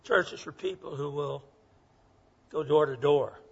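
This man in his 80s speaks at a measured pace in a high-ish voice that's creaky with a breathy edge. He preaches a folksy, earnest sermon full of stories and acts out quoted voices, heard through a muffled lo-fi recording.

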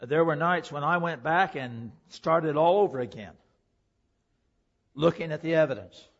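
A man preaching a sermon, emphatic, swinging between loud declaring and hushed, quiet passages. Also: a little high, unhurried. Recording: dull lo-fi recording.

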